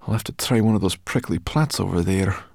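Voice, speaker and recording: A man voicing a hungry, sharp-tongued young female brownie who talks impatiently. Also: low voice, fairly quick, vocal fry, dry recording, clean studio sound. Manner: impatient, tart.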